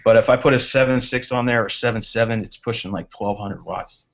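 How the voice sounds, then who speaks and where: A man, a guest drone racer, chatting casually on a live hangout, telling stories in an animated way. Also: mid-range voice, brisk, muffled recording, slight background noise.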